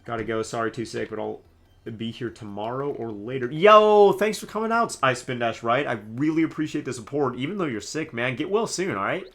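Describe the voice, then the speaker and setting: A man streaming a game live, commenting in an excitable, jokey way and laughing often. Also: mid-range voice, fairly quick. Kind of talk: live let's-play commentary.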